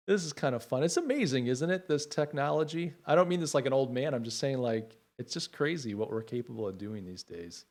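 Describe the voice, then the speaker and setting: A man's voice: mid-range voice, animated, a little mellow. Heartfelt man hosting a livestream. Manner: heartfelt, emotional, halting with fillers. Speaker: livestream host. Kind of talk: casual livestream chat.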